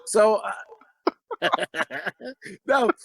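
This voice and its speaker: A middle-aged man rambles through crude personal stories on a casual podcast, cursing freely. His voice is high and bright. It moves up and down a lot. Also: lively intonation, drawn-out words, vocal fry. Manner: rambling, profane anecdotes with laughing asides. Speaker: podcast co-host.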